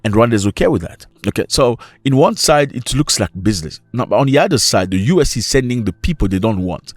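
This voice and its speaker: A man hosting opinionated commentary, talking in an animated way with rhetorical questions and sudden jumps in pitch. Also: fast talker, no room sound. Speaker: commentary channel host.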